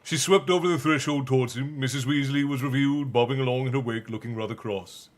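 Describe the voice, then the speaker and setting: A man's voice: medium pitch, fairly even intonation, fast. A young man hosts a casual live-stream reading and drifts into chatty asides with his viewers. His talk is loose and joking, full of small laughs between lines of the story. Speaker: stream host and reader.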